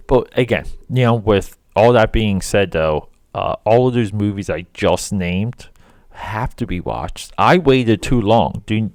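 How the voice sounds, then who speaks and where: Low-voiced man rambling emphatically. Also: clear, resonant tone, dry recording, clean studio sound. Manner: rambling, emphatic, with many fillers and restarts. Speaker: podcast host. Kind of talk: casual solo monologue.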